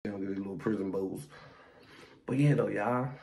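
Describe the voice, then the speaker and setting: Gravelly ranting young man vlogging. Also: lowish voice, brisk. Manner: animated, ranting, slangy. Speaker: YouTuber. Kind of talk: casual talk-to-camera vlog.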